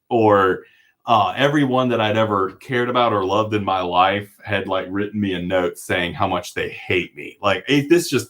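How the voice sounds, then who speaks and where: A man telling a personal story straight to camera, his pitch swinging up and down as he goes. He laughs often and keeps the telling lively and expressive, with a voice that sits in an ordinary middle register. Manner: animated, laughing while recounting. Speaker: mental health vlogger.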